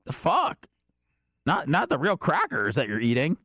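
A man's voice: on the high side, huge pitch swings, moderate pace, pushed and bright, breathy edge, no echo, studio quality. A man co-hosting a podcast, teasing his partner in casual banter and swearing freely. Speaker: podcast co-host.

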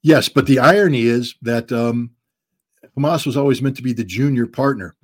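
A man answering interview questions bluntly, often repeating words and filling pauses as he searches for his phrasing. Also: medium pitch. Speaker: guest commentator.

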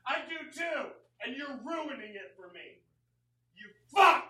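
Guy shrieking a frantic sweary rant, real high and bright, slow drawn-out yelling. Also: big pitch swings, distant mic. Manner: screaming, profane, frantic. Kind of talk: comic rant. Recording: echoey room, off-mic.

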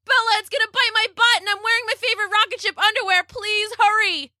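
A woman voicing a bratty, boastful schoolboy in a storybook reading, with a high, whiny voice. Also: sing-song, a little slow, bright, forceful tone, dry recording, studio quality, full character voice. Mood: panicked.

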